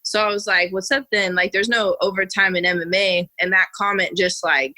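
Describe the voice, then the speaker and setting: Bright-voiced young woman, chatty fighter. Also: medium pitch, steady tone, normal speed, rough recording. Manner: chatty, many "like" fillers, laughs often. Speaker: guest, professional MMA fighter. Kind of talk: casual podcast chat.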